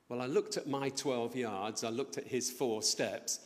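A middle-aged man preaches from the front of a church, with his voice trailing off into a long reverb. He tells the story with plenty of energy and acts out the voices of the people in it. His pitch sits in an ordinary middle range. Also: a little slow, hardly any pauses. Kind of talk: sermon. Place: church building.

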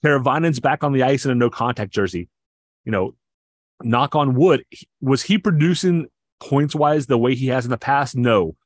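A man's voice: mid-range voice, moderate pace, no echo. A man co-hosting a podcast, chatting about sports with enthusiasm and explaining at length, often stammering through restarts. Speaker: podcast co-host. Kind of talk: casual sports chat.

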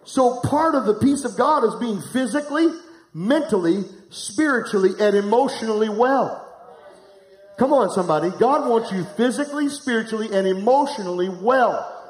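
A middle-aged pastor preaching live to a congregation, candid and humorous, telling a personal story and speaking to the room directly. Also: male voice, sits high, lively intonation, moderate pace. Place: church hall, live before a congregation. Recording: echoey room.

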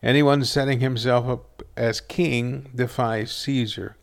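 A man voicing a hostile crowd of priests, loud and insistent, with a creaky voice. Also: medium pitch, steady tone, slow.

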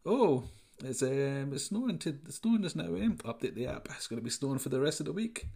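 A man's voice: mid-range voice, sing-song, a little fast, creaky, dark tone, breathy edge, full character voice. A man doing a lazy weather app admin. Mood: offhand.

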